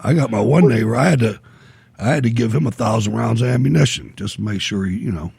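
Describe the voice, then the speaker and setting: A middle-aged man hosting a call-in talk radio show, blunt and animated, often laughing. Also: medium pitch, quick pace, vocal fry, slightly rough, dry recording.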